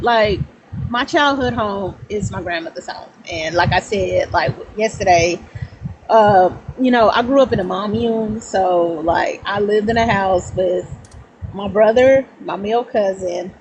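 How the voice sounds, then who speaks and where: A woman in her thirties telling childhood stories on a livestream, animated and laughing, rambling between thoughts. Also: medium pitch, a little hiss or hum, poor audio. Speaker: guest. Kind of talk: casual storytelling on a livestream.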